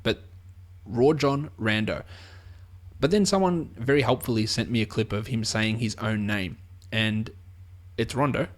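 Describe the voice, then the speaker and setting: A man's voice: fairly low pitch, unhurried, pauses often. A man with an Australian accent talking through fantasy basketball picks in a casual solo show, often restarting and repeating words as he goes. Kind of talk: casual solo sports analysis.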